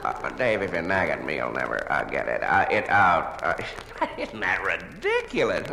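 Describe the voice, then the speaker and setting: Comic lead: hungover man on the phone, halting and sheepish, lively swooping delivery, recorded live in a roomy hall. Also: sits low, creaky, soft background music. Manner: stammering, hesitant, full of uhs and restarts; sheepish and apologetic. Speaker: comedian. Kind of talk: one-sided comic phone monologue. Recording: live recording in a large echoing hall with ambient noise.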